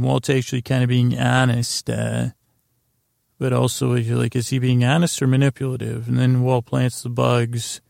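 A man with a deeply gravelly, fry-heavy voice talks through a TV episode for a sleep podcast, meandering and stopping often to restart his sentences. His delivery stays level and unvaried. The sound is close and dry, with no room around it. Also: no echo. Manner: halting and rambling, with many fillers and restarts; low-key, flat retelling of dialogue. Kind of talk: meandering bedtime recap of a TV episode.

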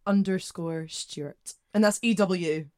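A woman's voice: lowish voice, unhurried, heavy background noise. A young woman guest on a podcast, rambling casually with lots of fillers. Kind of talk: casual chat.

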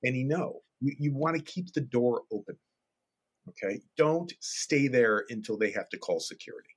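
A middle-aged man, an animator and director, telling a story as a podcast guest in an animated way and acting out the dialogue. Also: medium pitch, moderate pace, breathy edge. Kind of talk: casual storytelling.

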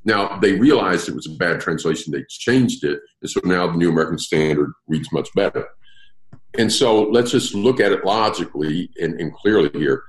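A man's voice: low voice, normal speed, roomy sound, poor audio. A man leading an interactive Bible study, explaining verses and putting questions to his group. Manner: lively, asks the group questions. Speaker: Bible teacher.

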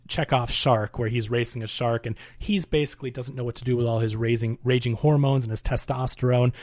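A man's voice: mid-range voice, a little mellow, dry recording. Rambling man recapping a movie, dry mic. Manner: rambling recaps with lots of fillers. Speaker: podcast co-host. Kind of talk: casual movie discussion podcast.

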